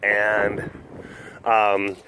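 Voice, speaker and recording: A man's voice: on the low side, monotone, very slow, sharp tone, a little hiss or hum. A man vlogging outdoors at an animal sanctuary while walking, talking in a rambling, casual way and chuckling often. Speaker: vlogger at a big cat facility.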